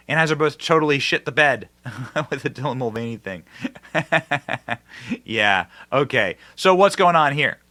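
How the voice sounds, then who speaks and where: A man hosting a political commentary show, his voice bright and forceful and pitched a little high. He talks emphatically and mockingly, jumping between loud high bursts and low, quieter asides. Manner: emphatic and mocking, with big swings in pitch and loudness.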